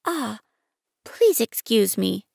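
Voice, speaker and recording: A woman voicing a gentle, curious young boy prince in an audiobook, asking questions in a soft, wondering way. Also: on the high side, big pitch swings, slow pace, vocal fry, no echo, studio quality, pitched above the performer's own voice, heavily acted. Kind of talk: audiobook reading.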